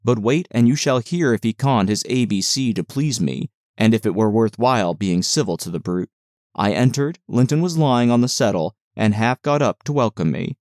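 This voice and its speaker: A man narrating a classic novel as an audiobook, in a measured, even reading voice. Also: mid-range voice, no room sound, clean studio sound. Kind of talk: scripted literary narration.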